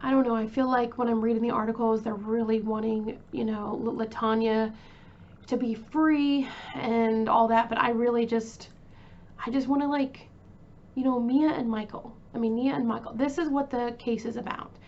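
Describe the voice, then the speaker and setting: A woman's voice: a little high, fairly even intonation, moderate pace, lo-fi sound, a little hiss or hum. Emotional chatty woman, true crime host. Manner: chatty, emotional, many fillers and restarts.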